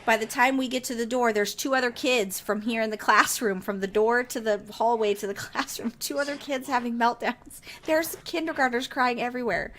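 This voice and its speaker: A woman's voice: fairly high pitch, brisk, few pauses, a bit bright, slight background noise. A woman in her thirties hosting a podcast, telling a casual, profane story with laughter. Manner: laughs while telling stories. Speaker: podcast host. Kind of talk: casual chat.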